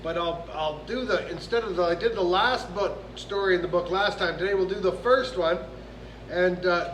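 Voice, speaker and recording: High-voiced man telling kids a story. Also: moderate pace, fairly bright tone, roomy sound, a little hiss or hum, poor audio. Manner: rambling, with restarts and asides.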